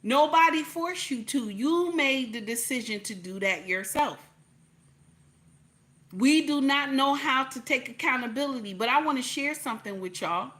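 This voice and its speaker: A woman's voice: high voice, animated, moderate pace, fairly bright tone. A woman with a New Jersey accent giving blunt, repetitive livestream commentary, peppered with profanity and "okay?" checks. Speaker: online commentator.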